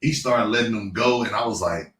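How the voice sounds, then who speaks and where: Animated storytelling man in an echoey room. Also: on the low side, a little fast. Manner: animated, laughing storyteller, playful trash talk. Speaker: guest, former pro football player. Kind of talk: casual interview storytelling. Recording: echoey room, distant mic, faint noise.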